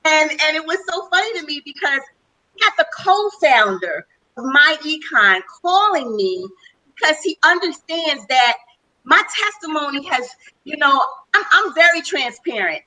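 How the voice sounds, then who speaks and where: A woman's voice: high-pitched, big pitch swings, measured pace, pushed and bright, rough recording. A middle-aged woman giving an enthusiastic, chatty testimonial as a speaker on a webinar panel call.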